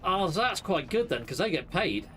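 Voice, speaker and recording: Lively, jokey man gaming. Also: sits high, normal speed, a little hiss or hum. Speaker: streamer host. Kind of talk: casual gaming chat.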